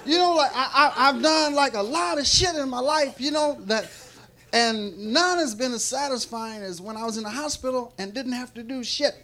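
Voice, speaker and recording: High-voiced profane stand-up comedian. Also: male voice, moderate pace. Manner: rambling, profane, laughing often, many restarts. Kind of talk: stand-up set. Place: club stage before a live audience. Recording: live club recording with crowd noise. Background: audience noise.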